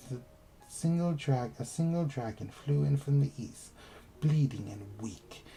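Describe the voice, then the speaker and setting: Speaking in a mid-range, gravelly, warm voice, a man reads aloud as a formal elder of an insect tribe in a video game. He puts on a British accent and delivers the lines slowly and stately, though the audio quality is poor.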